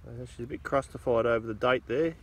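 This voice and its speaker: A man's voice: medium pitch, quick pace, recorded from a distance, slight background noise. An Australian man out metal detecting outdoors, replying briefly and easily in casual chat. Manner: easygoing, brief replies. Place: dry field outdoors.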